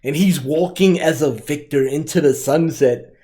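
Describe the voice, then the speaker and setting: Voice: mid-range voice, normal speed, warm tone. A podcast co-host in casual chat, reacting with dramatic, theatrical flair.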